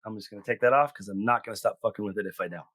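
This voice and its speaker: A man's voice: fairly low pitch, very fast, fairly bright tone, no echo, studio quality. A man co-hosting a podcast in casual chat, telling stories loosely and swearing freely. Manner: loose storyteller, swears freely, acts out quoted people. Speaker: podcast co-host.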